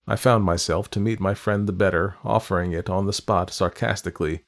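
A man narrating a classic novel in a measured, literary reading style. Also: low-pitched, steady tone, vocal fry. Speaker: audiobook narrator.

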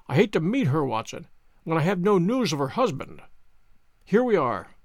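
A man plays a calm, reserved detective, measured and deliberate in every word. The voice sits fairly high for a man and moves freely, recorded close and dry. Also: dry recording.

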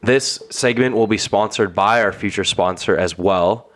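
A young man co-hosting a podcast, talking in a laid-back, casual way with easy swearing and drawn-out fillers. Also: on the low side, a bit bright, a little hiss or hum. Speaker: podcast co-host. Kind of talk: casual chat.

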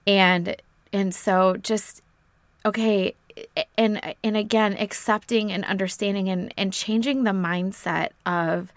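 A woman telling a personal story about her son, earnest and halting, a little emotional and stumbling over her words. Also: medium pitch, fairly even intonation, no room sound. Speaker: parent of a son with spina bifida, podcast guest. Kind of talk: reflective personal story in conversation.

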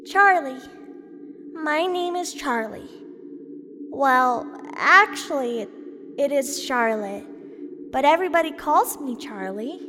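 A man's voice: very high voice, expressive, bright, forceful tone, long reverb tail, pitched above the performer's own voice, full character voice. A man doing a timid little girl. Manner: hesitant, halting. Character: timid young girl, shy and wistful. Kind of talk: audiobook character voice.

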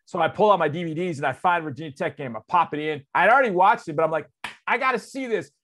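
Talking very fast, an animated male sports radio host spins a casual on-air story. He's excitable and conversational, with big jumps in volume and pitch and plenty of loose asides.

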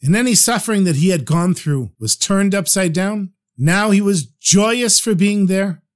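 A man tells a story for a podcast, his voice pitched fairly high for a man. His delivery is animated and engaged, and he carries the listener along through the tale. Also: moderate pace.

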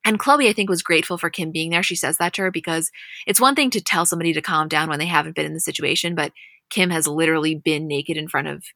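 A young woman chatting through a reality-show recap, her voice bright and a touch low, close and dry with no room sound. She tells the story in a lively, animated way, slipping into quick quoted asides. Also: no echo. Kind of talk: casual chat recap.

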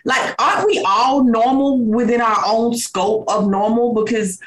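An upbeat woman host chats with her guest and keeps affirming her with big energy. Her voice rings in a roomy, echoey space. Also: measured pace. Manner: enthusiastic, affirming, high energy. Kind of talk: casual interview chat.

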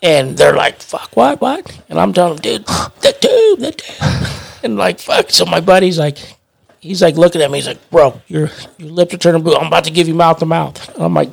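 Brief: man, somewhat high, gravelly voice, laid-back slangy storyteller. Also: steady tone, brisk. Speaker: podcast guest. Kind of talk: casual chat.

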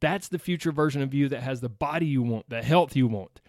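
In a solo weight loss podcast, a Southern-accented American man talks a little fast with a medium-pitched, slightly mellow voice. He's upbeat and chatty, speaking directly to listeners, and the clean studio sound has no room echo.

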